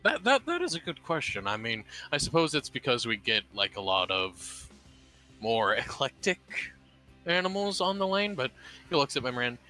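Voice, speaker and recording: A man narrates his character in a tabletop role-play, stumbling and restarting as he speaks. His tone is bright, with a faint music bed underneath. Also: mid-range voice, huge pitch swings, rough recording. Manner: halting, stumbling over words. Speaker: player.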